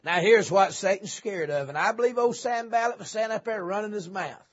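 Husky preacher, high voice. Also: male voice, a little fast, dull audio. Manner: folksy, joking, swings from low asides to shouting. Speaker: visiting preacher. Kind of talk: revival sermon. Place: church sanctuary.

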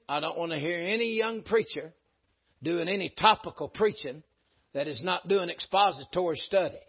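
A man preaches a folksy, emphatic sermon, swinging between loud peaks and low asides. His voice sits high and sounds husky. The recording is dull and lo-fi. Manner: folksy, emphatic preaching with sudden rises and drops. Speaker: pastor.

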